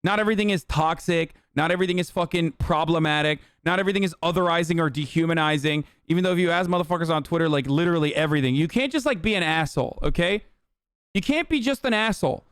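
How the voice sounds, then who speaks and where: A man's voice: fairly high pitch, fast talker, fairly bright tone, clear, resonant tone, no room sound. A young man streamer ranting heatedly and profanely in live-stream commentary, reading posts and mocking them.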